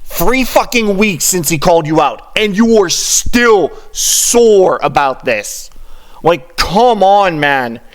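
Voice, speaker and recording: A man's voice: sits high, animated, takes it slowly. A man reacting to a video clip, ranting in an exasperated, mocking way and swearing constantly. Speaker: reaction commentator.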